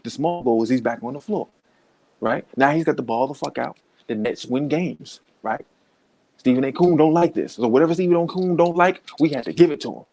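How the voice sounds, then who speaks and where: A man's voice: mid-range voice, brisk. Male podcast host, fired-up profane comedic rant. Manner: profane, heated, animated.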